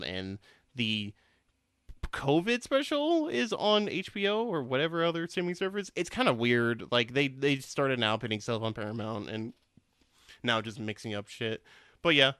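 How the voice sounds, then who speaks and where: Rambling young podcast host, smooth voice. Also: male voice, mid-range voice, sharp tone, no echo, clean studio sound. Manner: rambling, swears a lot, restarts. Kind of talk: casual podcast chat.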